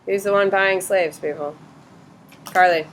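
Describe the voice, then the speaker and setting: A woman teaching a class with a bright, forceful voice. She fires quick questions at her students and cuts off weak answers bluntly, with a faint hiss behind her. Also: on the low side, steady tone. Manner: brisk, quizzing students, blunt corrections.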